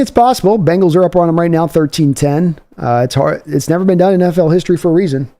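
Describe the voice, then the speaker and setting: A man's voice: on the high side, fast talker, hardly any pauses, mellow. A man hosting a live football reaction stream, talking through the game in a loose, conversational way. He breaks in often with fillers as he works through his points, then turns to read viewer comments. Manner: conversational analysis with frequent fillers. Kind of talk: live play-by-play reaction and chat replies.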